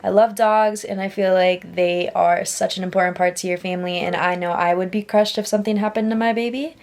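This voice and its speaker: A tired young woman chatting casually in a vlog, emotional and quick to laugh. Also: mid-range voice, steady tone, darkish tone. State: tired from no sleep. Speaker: vlogger.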